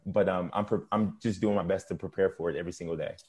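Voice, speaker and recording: A man's voice: sits low, fairly even intonation, quick pace, darkish tone, husky. A man talking on a panel in a thoughtful, reflective way. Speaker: panel guest. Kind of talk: casual panel chat.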